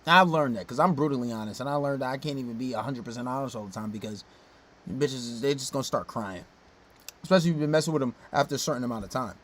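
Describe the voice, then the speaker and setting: A man giving casual reaction commentary, blunt and profane, swinging from low mutters to loud outbursts. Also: fast talker, a little hiss or hum.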